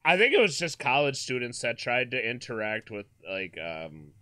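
A man's voice: medium pitch, very animated, moderate pace, bright, forceful tone, no room sound. A man co-hosting a casual comedy podcast, joking around and steering the chat. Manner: joking, leads the discussion. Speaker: podcast co-host.

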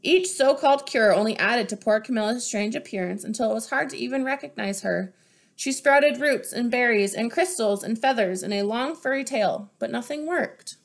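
Young woman, storybook read-aloud, clear and expressive, a bit high. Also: moderate pace. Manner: expressive and clear, showing pages. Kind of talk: reading a picture book aloud.

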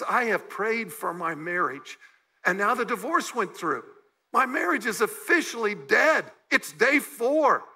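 A man's voice: high voice, sharp tone, low-quality recording. A man preaching a sermon as a guest pastor in a church, talking conversationally and acting out the emotional words of the people in his story. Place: church sanctuary.

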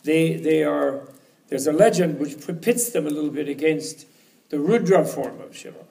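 A man's voice: a little high, moderate pace, gravelly, warm tone. A man giving an informal teaching talk at a retreat, rambling and chuckling as he tells stories. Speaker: lecturer. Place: retreat hall.

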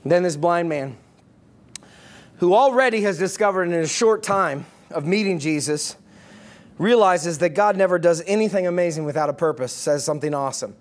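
High-voiced, animated preacher man. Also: moderate pace. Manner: animated, emphatic, playful. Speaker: pastor. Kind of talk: online sermon.

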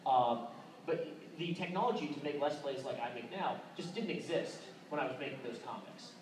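A man's voice: medium pitch, moderate pace. Chatty man in an echoey hall. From Tennessee, USA. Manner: loose and chatty, many filler "uh"s and restarts. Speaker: convention panel speaker. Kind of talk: casual presentation. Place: convention talk room. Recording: echoey room recorded from far off, background noise.

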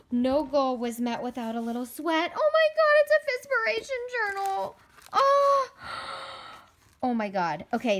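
A young woman in her twenties vlogging casually at home, gushing and gasping with excitement as she unboxes a gift. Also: high-pitched. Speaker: fitness vlogger. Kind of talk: casual vlog.

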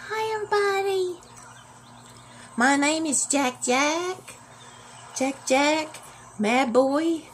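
A woman voicing her affectionate pet dog in a high, sing-song baby-talk voice. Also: takes it slowly, long pauses, a little hiss or hum. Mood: sweet.

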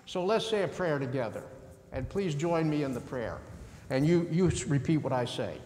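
Male pastor, children's story, slightly high voice, long church reverb. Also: lively intonation, moderate pace, slight background noise. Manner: gentle, asides to children. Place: church sanctuary. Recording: echoey church sanctuary.

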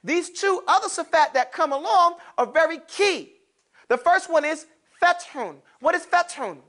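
A man's voice: very high voice, normal speed. A man teaching Arabic letters to a class, asking questions and calling on students, with casual slang asides. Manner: lively, calls on students, asks and answers his own questions. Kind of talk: classroom lesson.

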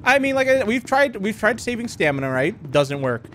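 A young man talks his way through a horror game, his voice sitting high for a man. He turns panicky and fires off the same word again and again when scared. A faint game noise hums under him. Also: sing-song, a bit bright. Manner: panicky, repeats words rapidly when scared. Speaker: gaming YouTuber.

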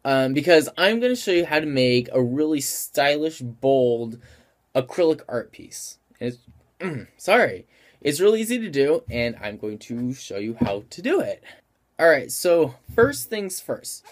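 A man's voice: fairly high pitch, big pitch swings, measured pace. Man with hiccups explaining a craft. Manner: friendly, stops to apologize for hiccups. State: has the hiccups. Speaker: craft tutorial host. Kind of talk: casual how-to explanation.

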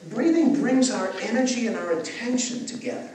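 High-voiced man guiding breathwork, echoey distant sound. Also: moderate pace. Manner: playful, jokey asides between calm guided instructions. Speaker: breathwork teacher. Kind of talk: guided breathing talk to a live audience. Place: live festival session. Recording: echoey, distant room recording with noise.

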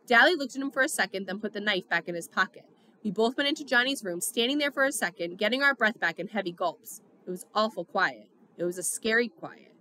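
A woman reading a novel aloud in an expressive storytelling way. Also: mid-range voice, brisk. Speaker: audiobook reader.

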